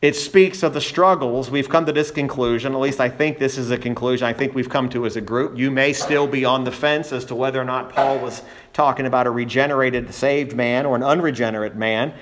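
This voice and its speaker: A man's voice: medium pitch, steady tone, fairly quick, fairly bright tone. A man preaching a sermon as pastor in a church, earnest, building emphasis and often restarting his phrases.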